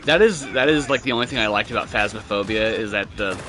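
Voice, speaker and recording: Bright-voiced rambling young gamer guy. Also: fairly low pitch, fast, faint music behind. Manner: rambling, profane storytelling with laughs. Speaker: gamer chatting with friends. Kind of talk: casual gaming chat.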